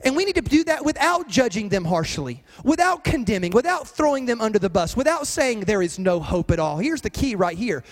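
A man's voice: sits high, very animated, brisk, few pauses, long reverb tail. A man preaching a sermon as pastor, with an emphatic, repetitive cadence.

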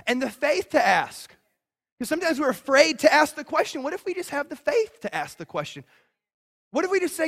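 A man preaching a sermon in an energetic, conversational way, acting out quotes. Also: extremely high pitch, quick pace. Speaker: pastor.

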